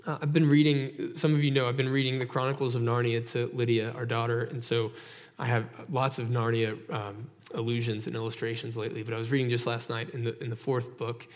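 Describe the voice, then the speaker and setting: A man preaching a sermon in a conversational style, speaking at a mid pitch. He asks his listeners direct rhetorical questions. His voice carries a long reverb, like a large hall. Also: level tone, fairly quick. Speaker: pastor.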